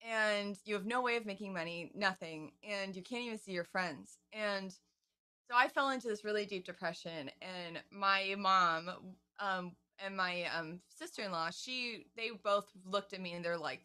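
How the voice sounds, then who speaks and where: A woman's voice: mid-range voice, moderate pace, sharp tone, clear, resonant tone. A woman in her twenties, a singer, telling her story in a casual interview, chatty and openly emotional.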